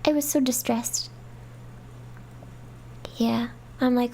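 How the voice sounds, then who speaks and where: A woman's voice: a little high, measured pace, gravelly, warm tone, a little hiss or hum. A woman hosting a let's-play, chatting and joking her way through a horror game. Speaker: gaming channel host. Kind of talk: playful let's-play commentary.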